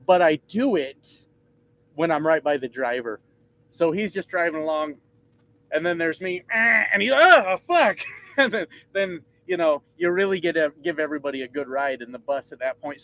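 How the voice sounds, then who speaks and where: Behind the wheel of a truck, a man rambles casually to his livestream audience, reading their comments and tossing out jokes and curses. The audio is poor, and his voice is a little high.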